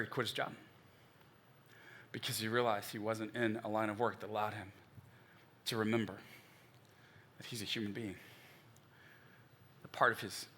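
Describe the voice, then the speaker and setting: A man's voice: medium pitch, sharp tone. A man preaching a sermon as pastor, in a conversational storytelling way with joking asides. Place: church.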